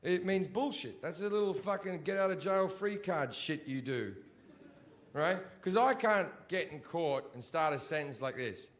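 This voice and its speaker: A man's voice: sits high, lively intonation, normal speed, fairly bright tone, a little hiss or hum. A male stand-up comedian doing a blunt, profane, sardonic set on a live stage. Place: live comedy venue before an audience.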